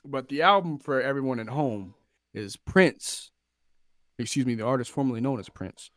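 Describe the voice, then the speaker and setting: A man co-hosting a casual podcast chat, relaxed and teasing, with some casual swearing. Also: mid-range voice, normal speed, dry recording, studio quality. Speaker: podcast co-host.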